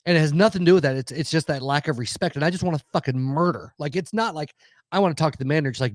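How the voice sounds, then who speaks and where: A man's voice: fairly high pitch, rapid-fire, no echo, clean studio sound. A man, telling a heated, profanity-laced story in casual podcast chat. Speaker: podcast co-host.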